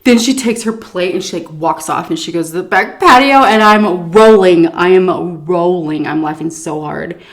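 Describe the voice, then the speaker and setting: A woman vlogger telling a story in a lively, animated way. Her voice sits a little low, and she breaks into laughter often while she acts out what people said. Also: unhurried. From United States. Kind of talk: storytime chat.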